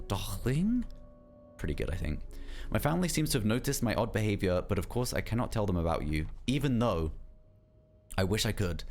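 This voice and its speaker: A man's voice: lowish voice, darkish tone. A man streaming a game live, reading notes and letters aloud and breaking off to chat with his viewers. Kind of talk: live gameplay commentary.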